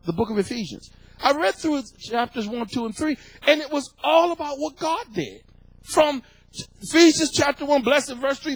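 A middle-aged pastor with a strikingly high voice preaches with rising fervor, repeating phrases and breaking into shouts. The sound is close and dry, with no room around it. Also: male voice, no echo, low-quality recording. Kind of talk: sermon.

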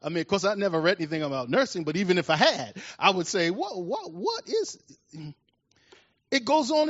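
A man preaching a sermon in an animated way, rising loud and high as he tells stories. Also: no room sound, highs cut off. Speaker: pastor.

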